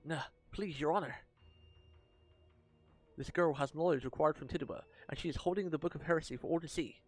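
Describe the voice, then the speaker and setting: A man's voice: a little high, fairly quick, soft background music, close to an everyday voice. Man voicing an earnest young executioner. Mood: pleading.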